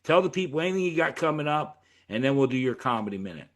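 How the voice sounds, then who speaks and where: A man's voice: mid-range voice, big pitch swings, fast. A middle-aged man from Pennsylvania hosting a casual interview, telling stories animatedly and swearing freely. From York, Pennsylvania. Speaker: host.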